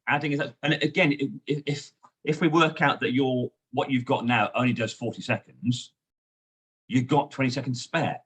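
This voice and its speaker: Guy with a husky voice, sales coach talking with emphasis, lots of you know. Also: mid-range voice, fairly even intonation, moderate pace, fairly bright tone. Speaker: guest, sales trainer. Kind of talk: coaching conversation.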